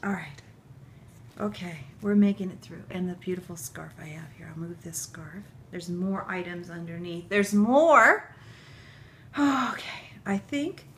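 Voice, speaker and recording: A woman unboxing a gift package on her vlog, tearful and gushing, laughing through her tears and dropping into soft whispers. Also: fairly low pitch, a little slow, a little hiss or hum. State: tearful, crying while talking. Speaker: vlogger opening a gift package.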